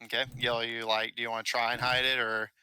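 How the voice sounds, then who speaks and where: A man's voice: medium pitch, flat delivery, fast talker, pushed and bright, a little hiss or hum, low-quality recording. A man running an online tabletop game as game master, chatty and laughing between lines, full of uhs.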